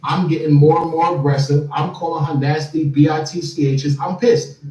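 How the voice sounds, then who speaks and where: A man telling a long story as an interview guest, animated and often repeating words as he starts sentences. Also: a little high, moderate pace. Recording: echoey room, far from mic, faint music.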